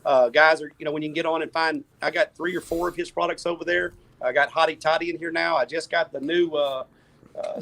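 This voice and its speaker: Relaxed, slightly high-voiced store owner. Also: male voice, vocal fry. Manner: easygoing, folksy, searching for words. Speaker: guest, barbecue store owner. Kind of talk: casual chat.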